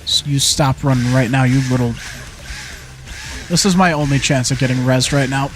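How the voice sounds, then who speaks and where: A young man streaming a zombie shooter, commentating as he plays, often frustrated and swearing, going from mumbled asides to loud outbursts. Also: mid-range voice, normal speed, soft background music. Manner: frustrated, swearing, talking to the game; flips between mumbled asides and yelled outbursts. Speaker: gaming streamer. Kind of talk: live gameplay commentary.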